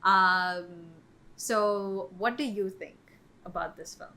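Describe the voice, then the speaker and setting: A woman's voice: medium pitch, takes it slowly, bright, forceful tone. A woman co-hosting a podcast, chatting casually about films, with lots of "um" and "like". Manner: chatty, many fillers like "um" and "like". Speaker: podcast co-host. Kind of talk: casual film discussion.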